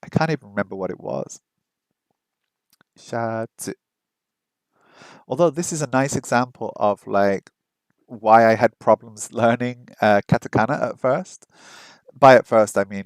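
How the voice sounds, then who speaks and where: A man's voice: mid-range voice, no room sound. Chatty man thinking aloud, dry close sound. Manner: chatty, thinks aloud, sounds out foreign words slowly and repeats them. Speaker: live streamer learning Japanese. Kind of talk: casual chat while studying on a language app.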